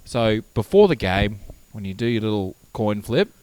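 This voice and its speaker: A man co-hosting a podcast, telling stories in casual, animated chat with lots of swearing. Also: lowish voice, normal speed, clear, resonant tone, no echo. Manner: animated, swearing, laughing storyteller. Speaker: podcast co-host.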